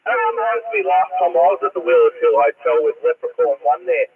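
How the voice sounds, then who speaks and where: A man's voice: high voice, wildly swooping pitch, a little fast, a little hiss or hum. A man on CB radio, trading crude, teasing jokes. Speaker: CB radio operator. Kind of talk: crude banter over radio. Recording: distant tinny radio transmission.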